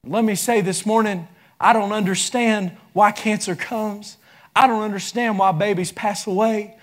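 A man preaching a sermon, building into fervent shouts. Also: sits high, steady tone, measured pace. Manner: impassioned, rising into shouts.

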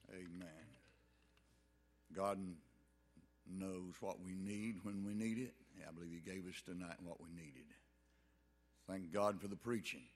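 A male pastor giving calm, low-key closing remarks at a church service. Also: measured pace, pauses often.

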